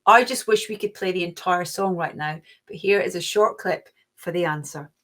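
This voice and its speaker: A woman's voice: on the low side, normal speed, loud music behind the voice. A middle-aged woman hosting an online quiz, chatty and cheerful, gushing with little oohs. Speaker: quiz host.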